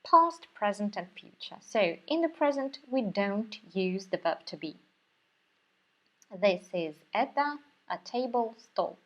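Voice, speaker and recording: Slow, patient Russian-accented woman teacher. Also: on the high side, sharp tone, lo-fi sound. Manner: patient, repeats words slowly for learners. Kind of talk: slow, careful language lesson.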